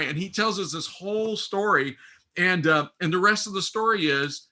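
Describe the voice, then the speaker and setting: A man guesting on a podcast, telling stories in a lively way and acting out the voices of the people in them. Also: normal speed. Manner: lively, acts out quoted voices with big pitch swings. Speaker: guest, runs a training school. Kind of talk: animated podcast storytelling.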